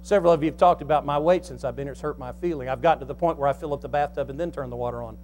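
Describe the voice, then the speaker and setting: A man preaching a sermon as pastor, folksy and joking, quizzing the congregation and slowing down to stress key lines. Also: on the high side, a little mellow, slight background noise.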